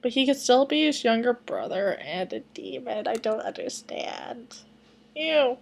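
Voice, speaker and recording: A woman's voice: fairly high pitch, expressive, unhurried, creaky, slight background noise. A woman reading fan fiction aloud at her computer with rambling, self-deprecating asides and some mumbling, on a webcam mic. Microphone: computer webcam microphone.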